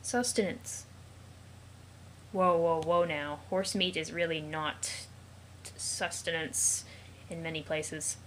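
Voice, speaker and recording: A woman's voice: lowish voice, steady tone, fairly bright tone, slight background noise, poor audio. Playful woman reading a web comic aloud. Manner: playful, mock-dramatic reading with quick joking asides. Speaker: let's play host reading a web comic. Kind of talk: casual comic read-along with asides.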